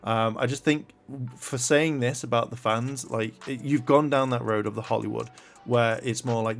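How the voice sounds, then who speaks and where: A man in the middle of a vlog rant, his voice pitched in an ordinary mid range. He sounds irritated and swears freely, stumbling through fillers as he reads articles out loud and picks them apart. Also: normal speed, gravelly, faint music behind. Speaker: commentary vlogger. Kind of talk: ranting commentary.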